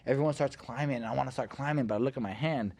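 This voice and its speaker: A man's voice: mid-range voice, rapid-fire, vocal fry, darkish tone. A man in his thirties tells a story on a casual podcast with lots of energy. He acts out the voices of the people in it, and his voice sits in a middle register. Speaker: fighter guest.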